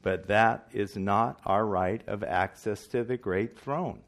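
A man's voice: on the low side, slow pace. A man preaching a sermon in earnest, emphatic style, asking his listeners questions.

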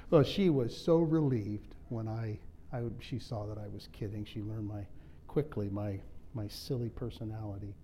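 A man's voice: lowish voice, normal speed, dark tone. A middle-aged man preaching a sermon in a conversational way, with humorous asides and personal stories. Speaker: pastor.

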